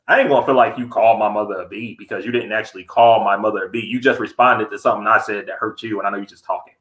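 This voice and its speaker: A man co-hosting a podcast in casual chat, blunt and animated, acting out heated quotes. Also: fairly low pitch, fast, hardly any pauses, reverberant, poor audio. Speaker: podcast co-host.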